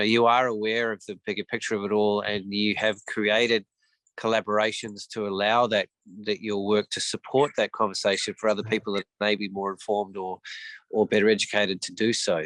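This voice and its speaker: Low-voiced host with rambling questions. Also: male voice, a bit bright, dry recording, low-quality recording. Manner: long, meandering questions with many restarts. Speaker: podcast host. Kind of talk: interview questions.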